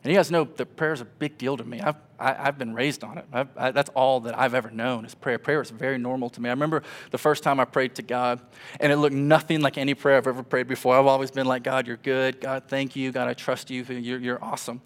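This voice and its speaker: Speaking quickly in a mid-range voice, a pastor in his twenties delivers his sermon as an emotional story. His volume rises into animated bursts, then drops to a hush.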